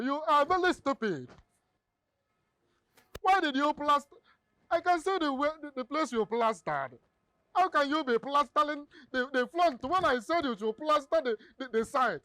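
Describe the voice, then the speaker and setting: An actor playing a boastful rich man with a Nigerian accent, loud and scolding about his money. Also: extremely high pitch, no room sound, heavily acted.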